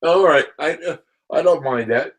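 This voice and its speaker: A man's voice: on the high side, moderate pace. A man co-hosting a casual live chat stream, goofing around and breathless from laughing. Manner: breathless laughter, goofy outbursts. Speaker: livestream co-host.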